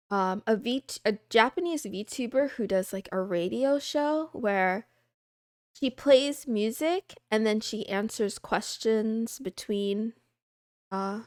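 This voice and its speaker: A young woman hosting a casual livestream, chatting and answering viewer questions in a soft, rambling, self-deprecating way. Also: fairly high pitch, dry recording, studio quality.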